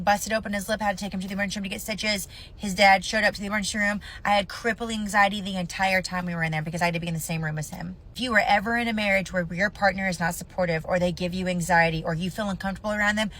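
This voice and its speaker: A woman's voice: medium pitch, fairly even intonation, fast, pushed and bright. A woman in her thirties telling a painful personal story to camera, blunt, profane and impassioned.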